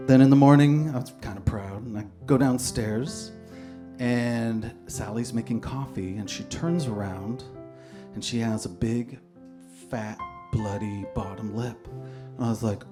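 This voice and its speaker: Male stand-up, mid pitch, dry and offhand, with the odd loud punch. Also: unhurried, over music. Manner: dry, offhand delivery with sudden bursts of energy. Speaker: stand-up comedian and poet. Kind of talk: live stand-up comedy.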